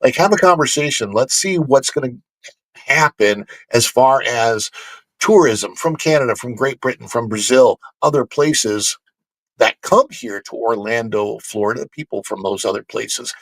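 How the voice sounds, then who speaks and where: A man hosting a casual theme-park news livestream, animated and joking as he talks to his chat. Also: medium pitch, moderate pace, no echo.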